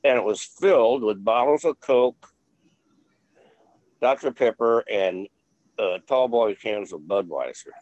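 An older man, formerly of a film crew, takes his time telling rambling interview stories, leaving long pauses and using lots of fillers and blunt swearing. His voice is on the low side with a darkish tone, in a dry recording with the highs cut off.

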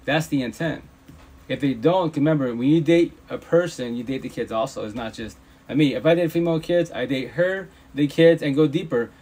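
Male streamer on a phone mic, mid-pitched, preachy, swears a lot, hammers points home. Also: brisk, darkish tone, breathy edge. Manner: emphatic, profane, repeats himself. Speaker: livestream host. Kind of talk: casual preachy rant. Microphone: phone livestream.

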